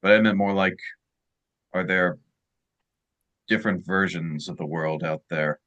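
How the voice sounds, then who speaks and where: A man's voice: low voice, measured pace, fairly bright tone, lo-fi sound. A man voicing a sleepless, wry young man in a tabletop role-play, talking in a dry, musing way.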